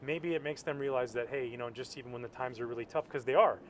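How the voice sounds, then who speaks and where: A man from Canada, a former pitcher, speaking as an interview guest in a relaxed, reflective way with many fillers. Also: quick pace, slight background noise. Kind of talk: casual interview chat. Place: outdoors at a ballpark.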